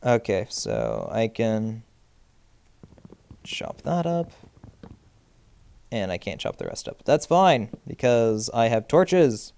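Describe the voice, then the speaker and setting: A man's voice: medium pitch, a little mellow. A young man commentating his own gameplay, jittery and self-mocking, yelping and pleading at monsters. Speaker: Minecraft let's player. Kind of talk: game commentary.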